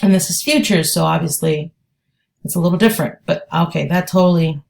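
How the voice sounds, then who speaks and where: A woman's voice: fairly low pitch, brisk, creaky, a little mellow, slight background noise. A woman day trader giving live trading commentary, thinking aloud and hesitant as she talks.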